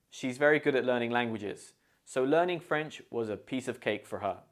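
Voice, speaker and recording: British man teaching idioms slowly and deliberately. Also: mid-range voice. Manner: slow, deliberate modelling of pronunciation. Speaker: English teacher. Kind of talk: scripted language lesson.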